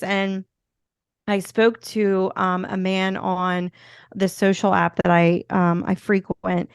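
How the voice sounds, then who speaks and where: Smooth-voiced woman with a Philly accent. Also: mid-range voice, little pitch movement, slow, dry recording, clean studio sound. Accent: Philadelphia. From Philadelphia, USA. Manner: upbeat, rambling with many "you know" fillers. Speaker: podcast guest, motivational speaker. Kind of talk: casual interview chat.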